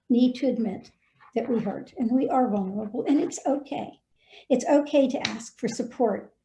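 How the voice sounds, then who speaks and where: Her voice on the high side, a guest speaker who was formerly a head of school recounts a personal experience and earnestly urges school leaders forward on a video call. The sound is roomy, with a little hiss or hum.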